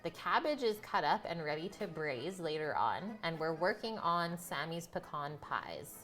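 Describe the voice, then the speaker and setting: A woman's voice: sits low, big pitch swings, moderate pace, fairly bright tone, soft background music. A woman hosting a live cooking stream, chatting and giggling with her viewers from her home kitchen. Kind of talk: casual live-stream chat while cooking.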